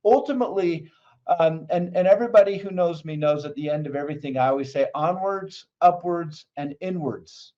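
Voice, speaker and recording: A man's voice: fairly high pitch, brisk, dark tone, highs cut off. A man who is a mindset coach, talking as a guest in a conversational interview, enthusiastic and motivational as he tells stories.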